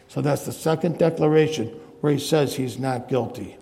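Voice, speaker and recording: A male preacher teaching through scripture in a sermon, retelling each scene in plain words. His voice is mellow and a little gravelly. A long reverb from a large hall trails behind him. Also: mid-range voice, moderate pace. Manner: expository Bible teaching, paraphrasing scripture.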